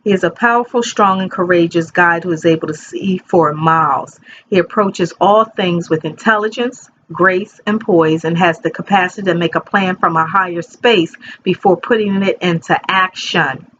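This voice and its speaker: A woman's voice: fairly low pitch, normal speed, hardly any pauses, a bit bright. Woman in her 50s rambling thru a tarot reading in her bedroom, muffled lo-fi sound, faint hiss. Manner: chatty, rambling, talks straight to viewers. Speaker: tarot reader. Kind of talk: casual tarot reading chat. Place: bedroom at home.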